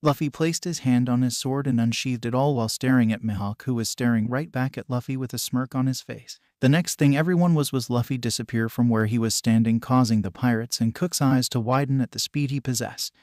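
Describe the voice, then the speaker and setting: A man narrates a fan-written adventure story in a steady, even reading voice at an ordinary pitch. The recording is dry and close, with no room sound. He reads mechanically, at times speaking the punctuation aloud. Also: fairly quick, hardly any pauses, no echo. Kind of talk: scripted fan-fiction narration.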